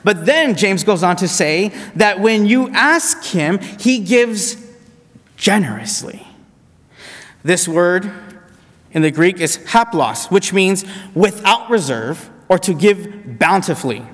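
A man preaching a sermon, emphatic, slowing down to repeat key phrases. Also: high voice, lively intonation, fairly bright tone, long reverb tail.

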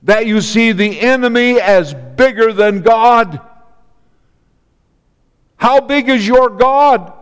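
A man delivers a sermon at an unhurried, deliberate pace, leaning on repeated phrases and dramatic pauses. His voice sits high and comes through smooth and resonant. It carries the long reverb of a hall. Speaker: preacher.

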